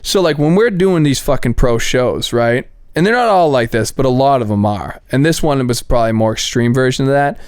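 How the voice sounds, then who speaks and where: A man co-hosting a fight podcast, telling animated stories, acting out quotes and swearing freely. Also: mid-range voice, brisk, hardly any pauses, clean tone, no echo, studio quality. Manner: animated storyteller, acts out quotes, swears a lot. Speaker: podcast co-host. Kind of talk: casual chat.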